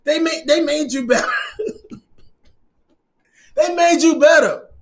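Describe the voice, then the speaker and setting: A man performing an animated comedic monologue, shouting and preaching his story with laughing asides. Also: very high-pitched, takes it slowly.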